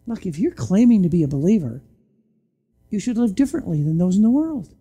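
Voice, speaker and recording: A pastor preaching a sermon in church, firing off rhetorical questions and sometimes dropping to a quiet, low voice to land a point. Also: very animated, a little fast, husky.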